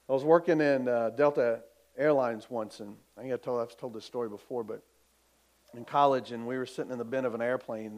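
A man preaching a sermon as pastor, telling a story earnestly and building to emphatic exhortation. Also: mid-range voice.

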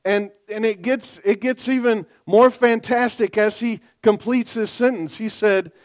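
A man preaching a sermon, moving between quiet scripture reading and loud, excited asides to the congregation. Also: high voice, a little slow. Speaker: pastor.

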